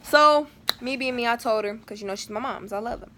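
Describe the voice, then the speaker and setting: A woman's voice: fairly high pitch, fast talker, fairly bright tone, a little hiss or hum. Chatty teen girl telling a story. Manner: chatty, dramatic, lots of slang and fillers. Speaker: vlogger. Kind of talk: casual storytime vlog.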